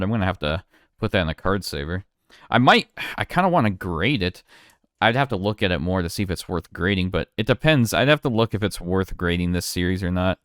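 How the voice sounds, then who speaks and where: A man with a low, smooth voice talks his way through opening trading card packs. He is relaxed and chatty and thinks aloud with small restarts. The sound is dry and close to the mic. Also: no room sound. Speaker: card collector streamer. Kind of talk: casual unboxing commentary.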